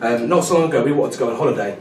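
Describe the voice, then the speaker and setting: A man's voice: medium pitch, animated, rapid-fire. A man in his thirties doing a stand-up comedy set at a pub comedy night, chatty and always checking in with the crowd. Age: 30s. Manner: chatty, keeps checking in with "right?". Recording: echoey room from far off, loud noise.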